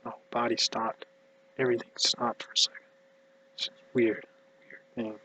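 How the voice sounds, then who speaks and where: A man rambling through a personal monologue in a tired, mumbly voice, halting and hushed, sometimes dropping to a whisper. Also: mid-range voice, flat delivery, slight background noise, poor audio. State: exhausted. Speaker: vlogger.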